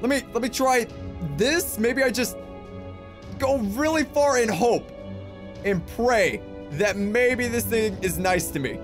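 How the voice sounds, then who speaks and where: Young male gaming YouTuber, high pitch, exasperated running commentary. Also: animated, takes it slowly, soft background music. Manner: frustrated, exclaiming, rambling self-talk. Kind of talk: let's play commentary.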